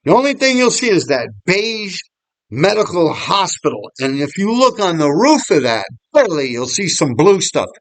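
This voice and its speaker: A man's voice: high voice, big pitch swings, moderate pace, dry recording. A middle-aged man telling old graffiti stories in a rambling, profane, laughing way. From New York City. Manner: swears a lot, rambling, laughs often. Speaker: graffiti writer vlogger. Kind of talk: casual storytelling. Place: outdoors on a walking path.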